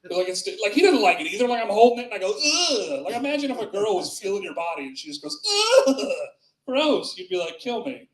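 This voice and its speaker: A man's voice: sits high, lively intonation, racing, hardly any pauses. A man doing a loose, rambling stand-up set with crowd work in a small club, often laughing at his own jokes. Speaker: stand-up comedian. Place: small club with live audience. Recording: echoey club room.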